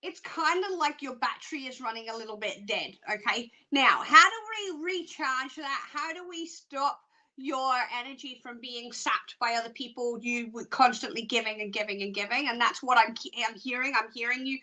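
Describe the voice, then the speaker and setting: A woman psychic doing live card readings, chatty and excitable, laughing often. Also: fairly high pitch, normal speed. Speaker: psychic reader.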